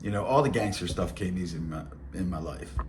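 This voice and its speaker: Baltimore man near fifty, low voice, blunt streetwise storyteller with a faint hiss behind him. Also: fast. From Baltimore, Maryland. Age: 40s. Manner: blunt, streetwise, rambling with fillers and asides. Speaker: podcast host. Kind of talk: casual storytelling monologue.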